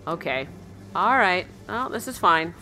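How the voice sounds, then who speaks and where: Lively, bright-voiced woman gaming. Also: lowish voice, a little slow. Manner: jumpy, yelps and shrieks, then drops to a hushed mutter; talks to her in-game dog. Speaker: let's play streamer. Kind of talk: horror game let's play commentary.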